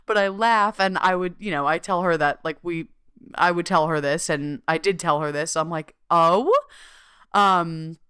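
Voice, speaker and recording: A woman's voice: fairly low pitch, fairly bright tone, clean tone, dry recording, studio quality. A woman hosting a podcast in a casual monologue, chatty and profane, who often laughs. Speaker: podcast host.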